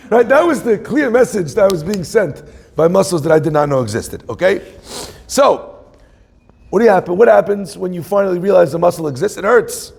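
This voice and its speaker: A man's voice: high-pitched, expressive, a little fast, creaky, a little mellow, breathy edge. A man in his forties, a rabbi, giving a joking, conversational sermon and asking the audience questions. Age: 40s. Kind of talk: humorous sermon. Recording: long hall reverb.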